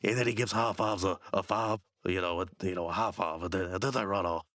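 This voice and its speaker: Dry-joking podcast co-host. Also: male voice, sits low, steady tone, fast, fairly bright tone, no echo. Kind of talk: casual episode recap.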